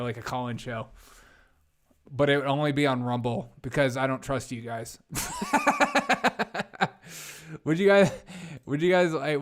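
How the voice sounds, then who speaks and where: A man's voice: a little high, clean tone. A young man hosting a casual live stream, rambling bluntly and reading out viewer comments. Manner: blunt, rambling, reads chat aloud.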